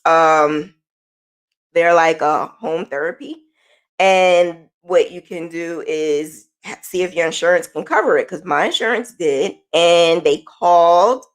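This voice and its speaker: Candid woman telling a personal story. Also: fairly low pitch. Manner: candid, conversational, shifting pace. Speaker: podcast host.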